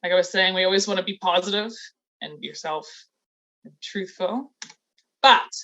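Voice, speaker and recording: A woman's voice: fairly low pitch, normal speed, sharp tone, dull audio. A woman leading a training session, enthusiastic and encouraging, chatty, with frequent "like" fillers. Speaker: college recruitment trainer. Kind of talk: upbeat training presentation. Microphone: video call.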